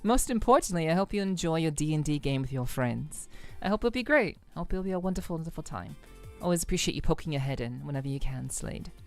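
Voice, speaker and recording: A woman's voice: low voice, lively intonation, fast, few pauses, soft background music. A woman streamer chatting casually with her viewers, friendly and rambling, with stuttered restarts and lots of fillers. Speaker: live streamer.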